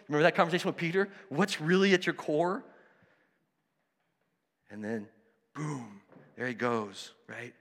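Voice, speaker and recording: A man preaching a sermon, conversational and animated, acting out the voices of people in his stories. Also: fairly high pitch, normal speed, big-room sound. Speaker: pastor.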